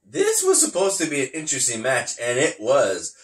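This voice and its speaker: A man's voice: medium pitch, moderate pace. Laughing man in an echoey room. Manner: laughs often, animated retelling with acted-out quotes. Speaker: podcast host. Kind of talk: casual wrestling review chat.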